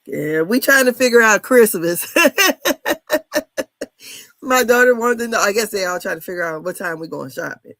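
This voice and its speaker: Woman, 50s, reality TV commentator; casual, blunt, gravelly, laughs a lot. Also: mid-range voice, animated, unhurried, long pauses, a bit bright, no room sound. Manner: candid, laughing, blunt with cussing. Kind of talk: casual chat.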